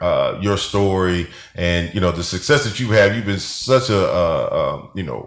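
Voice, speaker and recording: A radio host opens his talk show with upbeat, chatty banter. His voice sits a little low, and the room adds a noticeable echo. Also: a bit bright.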